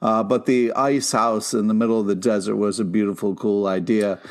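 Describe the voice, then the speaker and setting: A man's voice: fairly low pitch, fairly even intonation, normal speed. A man co-hosting a comic book podcast, talking loosely with slang, swearing and filler words. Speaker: podcast co-host. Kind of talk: casual comic book chat.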